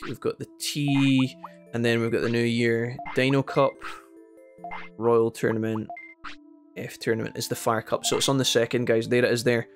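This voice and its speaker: A man's voice: medium pitch, normal speed, soft background music. Chatty Scottish man gaming and storytelling. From Scotland. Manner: chatty, addresses viewers as guys, animated when telling stories. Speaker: gaming streamer. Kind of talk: casual gameplay chat with storytelling.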